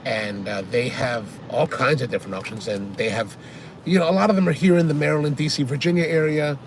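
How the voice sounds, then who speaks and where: A coffee vlogger with a slightly high, gravelly voice chats casually while driving on the highway, answering viewer comments and rambling through stories. Faint road noise fills the car interior.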